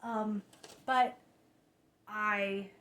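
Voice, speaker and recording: A woman talks about her cross-stitch projects in a relaxed, chatty way. She sounds tired late at night, often catching and correcting herself, and drops into soft asides now and then. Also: mid-range voice, extremely slow. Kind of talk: casual chat. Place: home at night.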